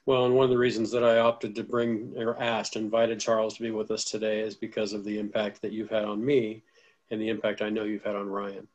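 Male podcast host, low voice, sincere, heartfelt wrap-up delivery. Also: monotone, a little fast, dull audio. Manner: warm, earnest, gets emotional. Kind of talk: casual interview chat.

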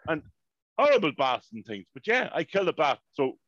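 Animated man ranting. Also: a little high, fairly quick, dry recording. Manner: animated, swearing, ranting storyteller. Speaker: podcast co-host. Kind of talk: casual chat. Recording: dry, dull lo-fi podcast mic.

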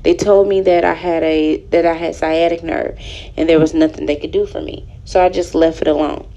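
A woman in her thirties, from Houston, Texas, reading aloud from her own written story and adding personal comments, soft and halting with many ums. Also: low-pitched, steady tone, muffled recording. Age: 30s. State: emotional, near tears.

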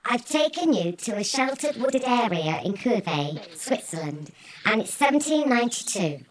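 A woman playing a calm, explaining female alien guide in an amateur audio drama. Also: a little high, moderate pace, a little hiss or hum, rough recording. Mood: serious. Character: helpful female alien guide who teleports the crew.

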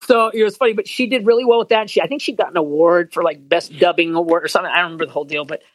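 A man being interviewed as a voice actor, telling animated anecdotes and acting out quotes in higher voices. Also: very fast, poor audio. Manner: animated storyteller, acts out quotes in high voices. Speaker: voice actor guest.

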